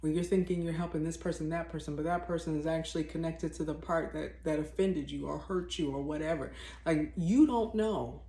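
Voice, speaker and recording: Speaking briskly in a low, dark-toned voice, a woman teaches about faith on her vlog. Her delivery is spontaneous, emphatic and blunt, full of repetitions and restarted sentences, and the recording has a roomy echo.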